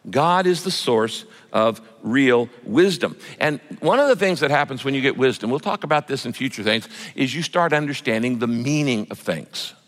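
A man preaching a sermon with earnest, dramatic delivery, slowing to stress key phrases and leaping up in pitch for emphasis. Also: fairly bright tone. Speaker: pastor. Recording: long hall reverb.

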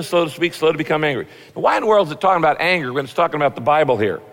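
A pastor preaching a sermon in a relaxed, folksy, conversational way, acting out little quotes as he goes. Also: high voice, long reverb tail.

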